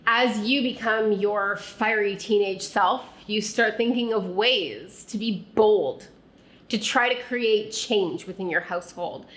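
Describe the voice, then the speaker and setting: A woman recounts her own past, speaking straight to the listener as "you". Her voice sits at an ordinary pitch and moves at a slow, unhurried pace. She sounds earnest and often sinks into a soft, quiet tone. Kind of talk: reflective second-person personal narration.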